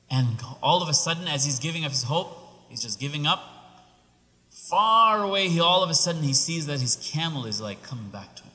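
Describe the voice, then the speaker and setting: A man preaching a sermon, telling a story with animated, rising exclamations. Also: a little high. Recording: long reverb of a large hall.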